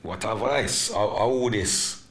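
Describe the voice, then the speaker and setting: A man hosting a live podcast in casual chat, animated and teasing, laughing often and slipping into patois. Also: fairly low pitch, measured pace. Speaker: podcast host. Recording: echoey room with faint music.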